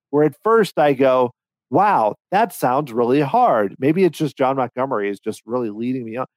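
A man co-hosting a podcast, chatting casually in an animated, rambling way with frequent restarts. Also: a little high, dry recording, poor audio. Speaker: podcast co-host. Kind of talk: casual chat.

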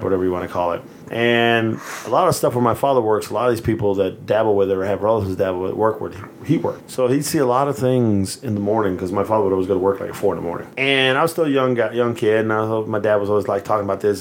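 A man from Texas, co-hosting a podcast and telling a story in a loose, animated way, laughing often and cursing freely. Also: lowish voice, a little hiss or hum. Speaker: podcast co-host. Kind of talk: casual storytelling chat.

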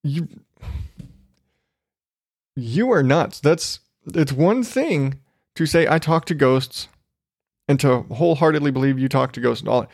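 A man's voice: mid-range voice, lively intonation, a little slow, gravelly, pauses often, a little mellow, no room sound, studio quality. A man hosting a podcast in a casual monologue, ranting with lots of swearing and laughter. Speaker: podcast host.

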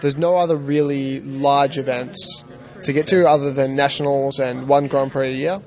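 A man's voice: medium pitch, steady tone, moderate pace. A man from Australia with an Australian accent, giving brief, plain answers in an interview.

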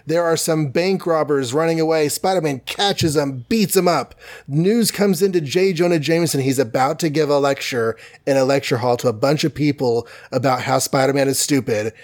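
A man's voice: fairly high pitch, moderate pace, darkish tone. Rambling man recapping comics. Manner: rambling, jokey, many fillers. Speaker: podcast host. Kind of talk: casual comic book recap.

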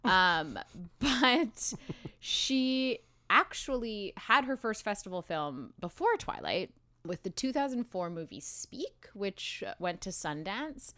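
A woman co-hosting a film podcast, chatting casually and reading scripted introductions in a calm, soothing tone. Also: medium pitch, dry recording. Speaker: podcast co-host. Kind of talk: casual chat and read narration.

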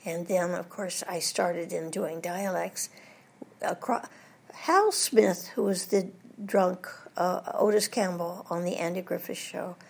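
Gravelly older woman telling showbiz stories. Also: lowish voice, slow pace. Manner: lively anecdote teller, puts on British voices for jokes. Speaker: voice actress guest. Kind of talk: storytelling interview.

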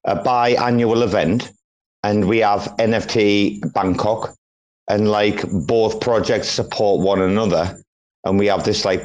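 Low-voiced rambling man. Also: a little mellow. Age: 40s. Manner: rambling, sweary, restarts a lot. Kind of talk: casual group audio chat.

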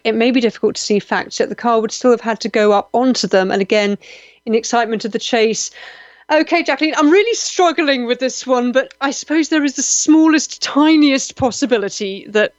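A woman's voice: on the high side, normal speed, dry recording, muffled recording. A woman hosting a live radio show, chatting animatedly with listeners' comments and joking through anecdotes. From Malta. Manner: animated, gushing with exclamations, self-deprecating humor.

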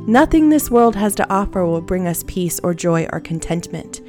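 A woman's voice: on the low side, expressive, moderate pace, faint music behind. A woman giving an earnest, encouraging Bible lesson for children, leading them in repeating a verse and closing with a prayer. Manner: gentle, earnest, encouraging, leads call-and-response.

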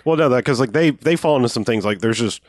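A man's voice: medium pitch, fast talker, no echo, clean studio sound. A man casually recapping a movie with a friend, loose and profane, often acting out the characters' lines.

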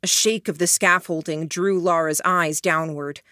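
Low-voiced woman narrating an audiobook. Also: fairly even intonation, measured pace, sharp tone, dry recording, studio quality. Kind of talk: scripted narration.

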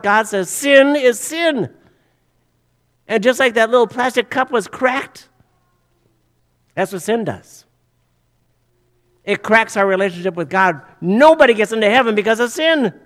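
A male pastor delivers a sermon in a conversational, direct way. He keeps turning to the congregation with rhetorical questions. His voice sits high for a man. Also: fairly bright tone, in a large hall.

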